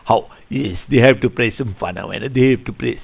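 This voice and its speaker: A man coaching football, reviewing a match over a tactics board in an animated, rambling way. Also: mid-range voice, moderate pace, gravelly. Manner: animated, rambling, keeps saying "I tell you". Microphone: computer mic. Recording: lo-fi screen recording.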